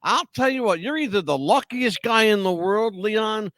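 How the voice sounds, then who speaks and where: A man's voice: high voice, animated, normal speed, a bit bright, dry recording. A man co-hosting a live podcast, chatting in a rowdy way, swearing freely and filling with "you know.". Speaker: podcast co-host. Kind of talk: live podcast chat reading chat messages.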